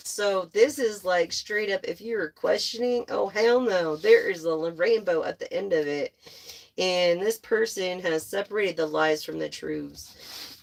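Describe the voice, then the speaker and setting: Woman, tarot reader, casual chat, excitable, slow, gravelly. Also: medium pitch. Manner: excitable, swears, gushing. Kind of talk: casual tarot reading to viewers.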